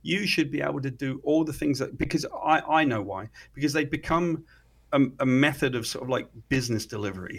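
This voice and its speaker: A man's voice: mid-range voice, a little fast, vocal fry. A man with a British accent, a comic writer guest telling a story casually in an interview, acting out the dialogue. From Britain. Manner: animated storyteller, acts out quoted dialogue.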